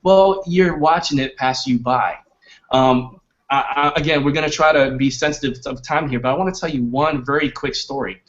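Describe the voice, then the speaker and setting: A man's voice: medium pitch, moderate pace, fairly bright tone. Emphatic male sales coach, lo-fi audio. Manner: emphatic, repetitive, rhetorical questions. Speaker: webinar host and sales coach. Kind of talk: persuasive sales pitch. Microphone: webinar microphone.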